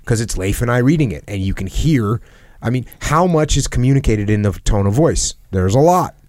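A man's voice: medium pitch, lively intonation, normal speed, darkish tone, no echo, studio quality. A man hosting a podcast, talking earnestly in a reflective conversation and repeating phrases for emphasis. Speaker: podcast host. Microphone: headset.

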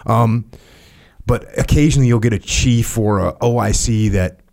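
A man hosting a podcast, chatting casually and relaxed, trading stories with a guest. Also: medium pitch, normal speed, creaky. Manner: relaxed, says "bro". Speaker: podcast host. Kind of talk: casual chat.

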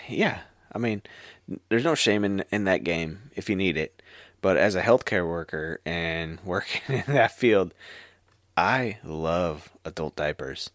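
A man's voice: deep voice, expressive, a little slow, dry recording, studio quality. A man who works in healthcare co-hosting a casual podcast, laid-back and sarcastic, swearing freely. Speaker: podcast co-host, healthcare worker.

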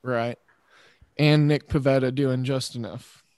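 Guy hosting a chill chat, middle pitch, dry close mic, lots of um and pauses. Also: fairly even intonation, darkish tone, smooth, no room sound. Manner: thinks aloud, measured with pauses and fillers. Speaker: podcast host. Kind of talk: casual chat.

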